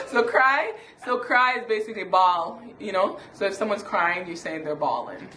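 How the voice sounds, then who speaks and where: A woman's voice: medium pitch, moderate pace. A playful Jamaican woman chatting as host in a casual style, laughing easily. Her voice rings in an echoey room with a faint hiss behind it. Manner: lively, playful, laughs often. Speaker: YouTube host. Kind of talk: casual chat.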